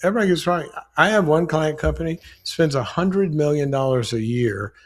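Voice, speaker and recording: A middle-aged man, a psychologist and author, speaking as a guest in a livestream interview over a video call, relaxed and jokey. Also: on the high side, fairly quick.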